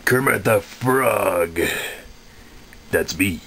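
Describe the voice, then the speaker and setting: Smug takeover puppet frog, voiced by a man: low-key, very slow, sly. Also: vocal fry, a bit bright, a little hiss or hum, heavily acted. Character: male puppet frog taken over, smug and mean. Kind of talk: puppet comedy video.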